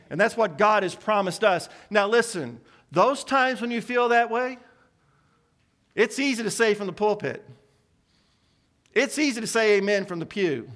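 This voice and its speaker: A man's voice: sits high, lively intonation, moderate pace, a bit bright. A man preaching a sermon as a pastor, asking the congregation questions and building emphasis.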